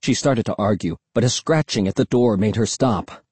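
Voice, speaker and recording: A man narrating a spooky children's story in the first person, steady and suspenseful. His voice is husky and dark-toned, recorded close and dry. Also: fairly low pitch, moderate pace, dry recording. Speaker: audiobook narrator.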